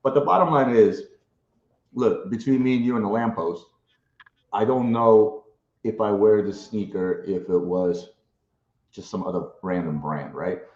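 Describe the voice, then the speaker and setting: A man's voice: fairly low pitch, a little mellow. A middle-aged man from Ukraine giving a casual interview, emphatic, often tagging "right?" onto his points. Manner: fast, emphatic, keeps adding "right?". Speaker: interviewee, sneaker collector. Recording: roomy, dull sound.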